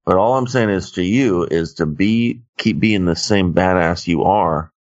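A man's voice: deep voice, measured pace, dry recording, muffled recording. A man co-hosting a podcast, rambling in crude, profane casual chat. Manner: profane, rambling, laid-back. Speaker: podcast co-host.

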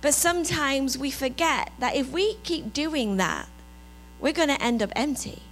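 A woman with an English accent giving a reflective sermon, softening her voice as she lists God's gifts. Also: high-pitched, unhurried, a little hiss or hum, low-quality recording. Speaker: preacher.

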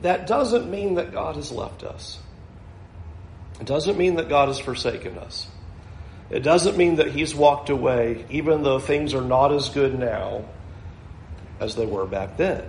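A man preaching a sermon in an earnest, reflective way, sometimes chuckling softly as he explains scripture. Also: mid-range voice, unhurried, a little hiss or hum. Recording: echoey room.

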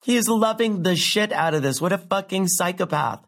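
A young woman playing a brash comic who delivers a rambling, sardonic, profane stand-up story with big leaps in pitch. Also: animated, moderate pace. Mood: wry. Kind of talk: stand-up comedy monologue in a drama.

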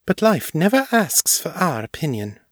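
A man's voice: on the high side, sing-song, normal speed, no room sound, studio quality, pitched above the performer's own voice. A man voicing a purring vampire mistress. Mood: sober. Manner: commanding but gentle, purring. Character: commanding yet gentle female vampire mistress.

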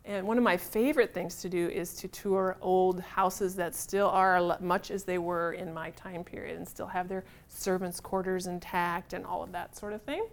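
A middle-aged woman author, giving a chatty, animated talk to a live audience in a room. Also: lowish voice, moderate pace, hardly any pauses. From United States. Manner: chatty, animated, self-deprecating humor.

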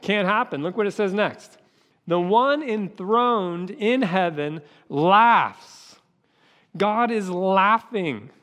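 A man's voice: sits high, slow, a bit bright. A man preaching a sermon with passion, acting out voices as he goes. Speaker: pastor. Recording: long hall reverb.

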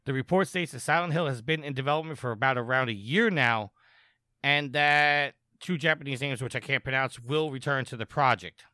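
A man reads gaming news on a podcast and then trades jokes with his co-hosts. His voice is bright and forward, recorded close and dry with hardly any room sound. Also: medium pitch, a little fast, no echo. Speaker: podcast co-host. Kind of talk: casual podcast chat, reading gaming news.

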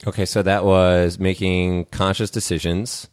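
A man's voice: low voice, little pitch movement, unhurried, smooth, no echo, studio quality. A man hosting a podcast conversation, thinking aloud in a reflective way with many fillers. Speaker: podcast host. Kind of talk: conversational interview.

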